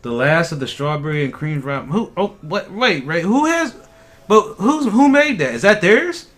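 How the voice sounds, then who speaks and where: A male livestream host chats with his viewers in a loose, animated way and laughs easily. His pitch sits a little high and moves a lot. His tone is bright and forceful. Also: moderate pace. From Ohio. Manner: animated, laughing, talks to chat. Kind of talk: casual livestream chat.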